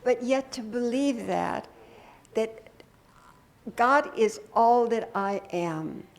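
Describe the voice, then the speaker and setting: An older woman minister preaching a sermon to her congregation, conversational and gently humorous, often asking the room questions. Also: fairly high pitch, slow. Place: church sanctuary.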